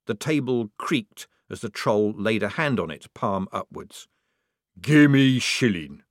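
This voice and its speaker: A man narrating a comic fantasy audiobook in a measured, dry, expressive way. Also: lowish voice, dry recording.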